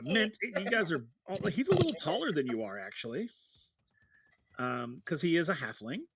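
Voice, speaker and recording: A man's voice: mid-range voice, fairly bright tone. A man narrating a tabletop game as game master, chatty, laughing often and full of fillers.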